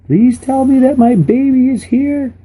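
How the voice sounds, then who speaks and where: A man voicing a frantic mother who shrieks for her husband in a shrill falsetto far above his own voice. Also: measured pace, dark tone, slightly rough, full character voice.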